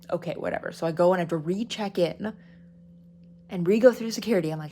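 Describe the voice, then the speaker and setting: A young woman, telling a travel story in a casual vlog, animated and exasperated, filled with "like". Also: fairly low pitch, fast talker, a little hiss or hum. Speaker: artist vlogger.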